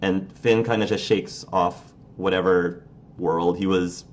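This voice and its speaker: A man narrating as game master of a tabletop role-playing game, relaxed and halting, with many fillers. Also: sits low.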